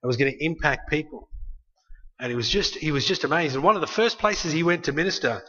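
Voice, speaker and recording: Man, preacher, conversational sermon, tag questions, forceful tone, slightly high voice. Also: fast, highs cut off.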